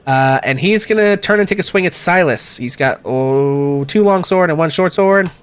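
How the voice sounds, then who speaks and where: A man's voice: fairly high pitch, normal speed, clean tone. Easygoing male game master. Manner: relaxed, many fillers, chuckling. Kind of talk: running a tabletop game.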